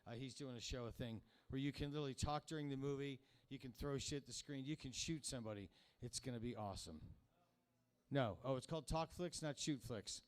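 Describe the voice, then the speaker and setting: A man's voice: mid-range voice, fairly quick, smooth. A man in his fifties hosting a comedy show, talking to the crowd in a rambling, profane, conversational stand-up manner. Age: 50s. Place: comedy club stage.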